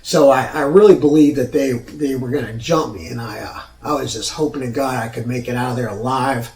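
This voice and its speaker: A man's voice: mid-range voice, fairly quick, darkish tone, distant mic. A man hosting his own show, telling a personal story in a rambling, profane way with many restarts. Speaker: show host. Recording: roomy sound from off mic.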